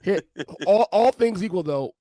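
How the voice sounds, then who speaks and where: A man's voice: sits high, animated, moderate pace, dark tone. A man hosting a casual podcast over a remote call, laid-back and easygoing, calling his guest bro and buddy. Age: adult with kids. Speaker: podcast host.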